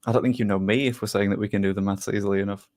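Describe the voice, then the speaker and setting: A man's voice: lowish voice, steady tone, racing, darkish tone. A young man, chatting casually to his live-stream viewers before a football match, reading chat aloud and joking at his own expense. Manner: chatty, self-deprecating, reads chat aloud.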